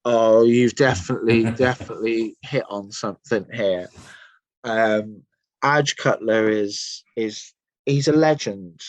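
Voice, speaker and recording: In a dry recording, this Somerset-born English musician talks unhurriedly in a fairly low voice. He's a guest in a relaxed podcast conversation, spinning long, excited anecdotes full of filler words.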